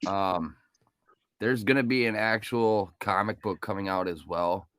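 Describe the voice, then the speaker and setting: A man's voice: fairly low pitch, unhurried, a bit bright, clear, resonant tone, dry recording, studio quality. A man in a band chiming in with short remarks and jokes during a casual interview. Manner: chimes in with short agreements and jokes. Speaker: band member.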